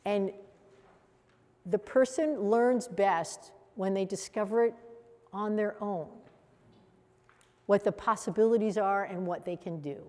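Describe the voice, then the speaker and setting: A woman leading a coaching workshop for a live group, animated and acting out example voices as she teaches. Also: mid-range voice, a little slow, pauses often. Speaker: coach trainer. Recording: echoey hall reverb.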